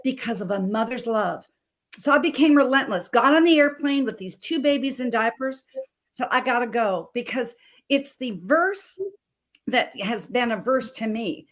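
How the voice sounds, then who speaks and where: A woman's voice: fairly high pitch, lively intonation, normal speed, fairly bright tone. A middle-aged woman from Montana, a health coach and guest, telling her story emphatically and with feeling. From Montana, USA. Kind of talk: personal testimony on a talk show.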